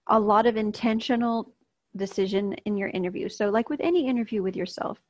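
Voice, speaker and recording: A woman's voice: medium pitch, darkish tone, no room sound. A woman coach teaching an online course lesson in a casual, upbeat way, speaking straight to her viewers. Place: outdoors, near a street. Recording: dull, slightly lo-fi dry sound.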